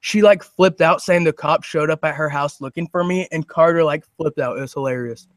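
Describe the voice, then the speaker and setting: A young man, a guest prankster, telling his stories in a rambling, excitable way with lots of fillers. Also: fairly high pitch, brisk, dry recording, clean studio sound. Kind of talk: casual chat.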